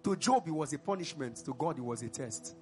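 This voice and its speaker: A man preaching a sermon in an animated way, asking the congregation questions and answering them himself. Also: on the high side, brisk, faint music behind. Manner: breaks into song mid-sermon.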